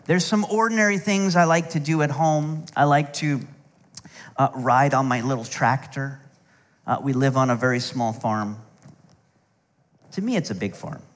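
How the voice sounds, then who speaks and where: A man's voice: mid-range voice, moderate pace, pauses often. A middle-aged man preaching a sermon, telling stories with humor and asides. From United States. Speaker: pastor. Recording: long hall reverb.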